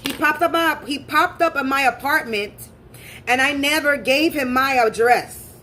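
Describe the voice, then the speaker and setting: A woman's voice: high voice, unhurried, sharp tone, a little hiss or hum. A woman telling a personal story in a casual, blunt and profane way, repeating points for emphasis. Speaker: spiritual reader and channel host.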